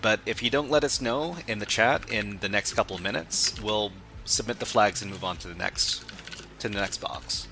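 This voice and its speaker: A man's voice: on the low side, normal speed, over music. A man hosting a live stream, chatting casually as he works through a hacking exercise, often restarting his phrases. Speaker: stream host.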